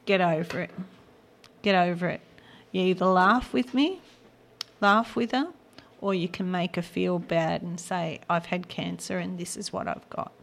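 A woman's voice: lowish voice, steady tone, unhurried, creaky. A woman hosting a gospel radio show, giving an earnest, personal devotional message that often drops to a near whisper.

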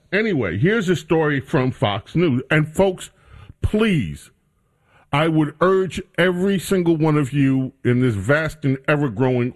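A man hosting a talk radio show, mocking and repeating a name with exaggerated care. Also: fairly high pitch.

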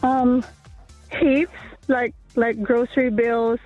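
A woman's voice: fairly high pitch, little pitch movement, takes it slowly, faint music behind. A woman calling a radio show from her car, tearful, emotional and grateful, chatting with lots of fillers. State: tearful, crying. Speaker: radio caller. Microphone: phone call from car. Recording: dull phone line.

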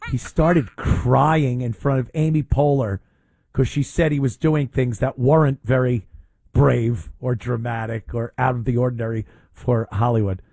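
A man's voice: medium pitch, steady tone, measured pace, gravelly, dark tone, no room sound. A man hosting a talk radio show, giving mocking, sarcastic commentary on a clip.

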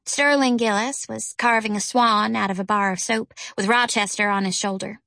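A woman narrating a children's novel as an audiobook, with a gentle storytelling manner. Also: steady tone, moderate pace, vocal fry, no echo. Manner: gentle storytelling, lifts pitch for characters' lines. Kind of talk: scripted narration.

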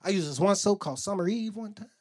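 A man's voice: high voice, fast, a little mellow. A man doing a stand-up comedy set on a club stage, telling profane stories and acting out the voices of the people in them. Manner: loose, profane storytelling with acted-out voices.

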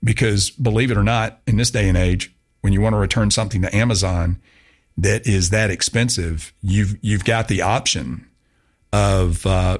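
A man hosting a talk radio show in a chatty, rambling, self-mocking way. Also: fairly low pitch. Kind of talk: casual talk radio chat.

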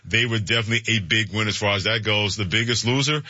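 A man hosting a sports talk radio show, energetic and chuckling. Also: on the low side, fast, dry recording, muffled recording.

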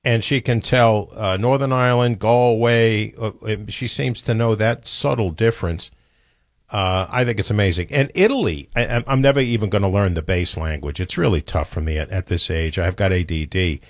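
A man's voice: fairly low pitch, normal speed, dry recording, studio quality. A man with a New York accent, co-hosting a casual radio talk show with blunt storytelling. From New York City.

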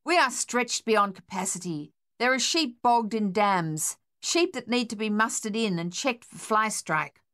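A woman voicing a harsh, furious, domineering older husband who shouts and blusters, in an audiobook. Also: sits high, normal speed, few pauses.

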